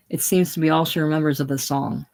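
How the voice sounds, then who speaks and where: A reader reading the stage directions in a casual play reading, plain and unhurried. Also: mid-range voice, gravelly, a little mellow, poor audio.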